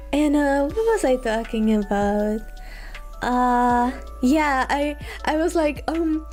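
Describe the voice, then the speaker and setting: A woman's voice: high voice, a little mellow. A young woman streaming, chatting casually and shyly, retelling a story with lots of likes and ums and giggling often, while sick. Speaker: vtuber streamer.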